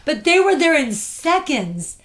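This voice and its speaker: A woman's voice: high-pitched, sing-song, a little slow, fairly bright tone. Earnest woman telling a personal story. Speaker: podcast host. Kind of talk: casual chat.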